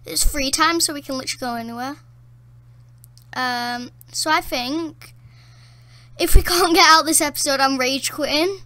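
A woman giving casual gameplay commentary from a dark room at home, excitable, often gasping, laughing and exclaiming. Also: high-pitched, normal speed, pauses often, no room sound.

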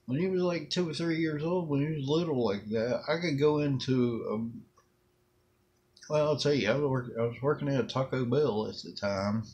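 A middle-aged man with a Southern American accent and a slightly mellow, medium-pitched voice rambles through a personal story at a moderate pace. The storyteller vlogger keeps it casual and folksy and acts out the quotes.

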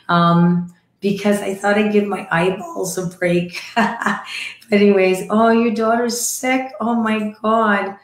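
A woman with a croaky, hoarse voice from croup, chatting casually with viewers on a live stream and greeting them by name. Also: mid-range voice, reverberant. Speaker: livestream host. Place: decorated home room.

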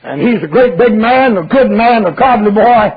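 An older man preaching a fiery sermon, drawling through stories and breaking into shouts. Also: high-pitched, animated, moderate pace, a crowd in the background. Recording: dull lo-fi recording.

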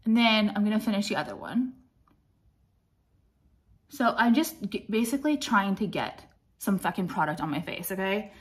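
A woman in her late thirties, chatting through a makeup tutorial in a blunt, profane, rambling way, a little out of breath. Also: mid-range voice. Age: late 30s. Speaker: beauty vlogger. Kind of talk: casual makeup tutorial chat.

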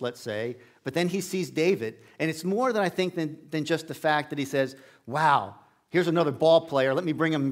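A middle-aged man preaching a casual storytelling sermon in a church sanctuary, acting out the characters' lines with a raised voice. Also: mid-range voice. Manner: folksy, acts out Bible characters' lines with raised voice.

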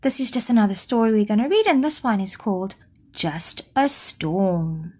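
A woman's voice: medium pitch, slightly rough. A woman primary school teacher reading a storybook aloud to young children, then asking them questions about it. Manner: slow, expressive read-aloud with quiz questions.

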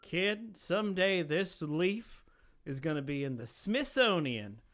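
A man's voice: high voice, expressive, slow, fairly bright tone, full character voice. A man playing a blustering, self-serving billionaire businessman, in an online improv comedy show. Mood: boastful. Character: boastful, shifty billionaire businessman. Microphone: computer mic on a video call.

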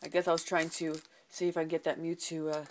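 A woman's voice: sits low, flat delivery, fast, slight background noise. A woman hosting a card unboxing video, calling out each card name one by one and sometimes dropping to a whisper. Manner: calls out card names one by one, slips into whispering. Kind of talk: card pack opening, listing cards.

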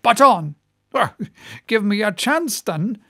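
Good-humoured one-armed ship captain played by a man, chatty yarn-spinner, gravelly, high voice, audiobook. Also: measured pace, no room sound, clean studio sound, full character voice. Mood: storytelling. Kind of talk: audiobook character reading.

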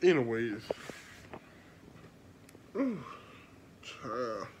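At home, a woman vlogs into her phone camera, chatting casually with viewers she calls y'all, her voice congested from sinus trouble. It's very deep and a little mellow, with big pitch swings, extremely slow delivery, and slight background noise.

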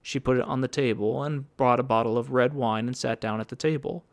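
A man reading an audiobook in a steady, even scripted narration. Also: medium pitch, brisk.

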